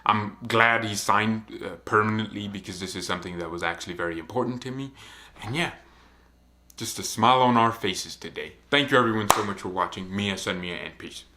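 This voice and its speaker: A young man gives casual football commentary for his fan vlog. His delivery is joking and animated, and his voice has a bright, forceful ring. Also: fairly low pitch, brisk. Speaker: football channel host.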